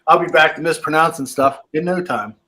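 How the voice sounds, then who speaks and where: A man's voice: fairly high pitch, fairly quick, bright, forceful tone. Podcast co-host, man with Pittsburgh accent, loose rambling jokey delivery. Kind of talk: casual chat.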